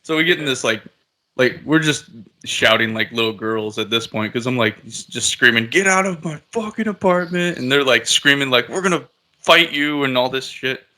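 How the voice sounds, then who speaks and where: A man's voice: medium pitch, moderate pace, pushed and bright. A man casually telling a long story on a podcast, laid-back and swearing a lot.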